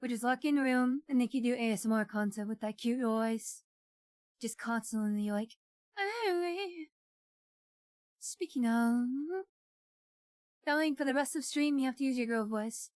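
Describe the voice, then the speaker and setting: A woman's voice: a little high, steady tone, normal speed, darkish tone, no room sound. A woman co-hosting a live stream, playful and teasing, calling her partner darling in casual chat. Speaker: streamer co-host.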